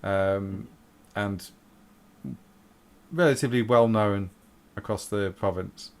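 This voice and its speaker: A man's voice: on the low side, fairly even intonation, slow pace. A man narrating a tabletop game as game master, hesitant, with many fillers.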